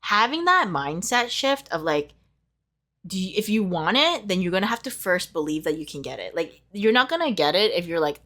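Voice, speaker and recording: A woman's voice: fairly low pitch, lively intonation, moderate pace, fairly bright tone. A young woman giving a casual tarot reading, talking in a heartfelt, emotional way with lots of fillers. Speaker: tarot reader.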